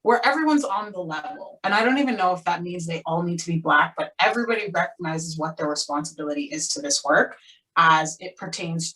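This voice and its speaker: A young woman theater actor, candid and animated, talking on a panel with frequent "like" fillers. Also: lowish voice. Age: young adult. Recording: voice distant from the mic.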